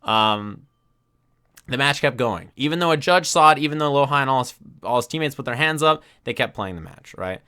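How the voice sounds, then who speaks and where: Animated man with a bright voice. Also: medium pitch, smooth. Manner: animated, acts out crowd reactions with quick asides. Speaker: streamer. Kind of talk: casual storytelling commentary. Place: at his desk.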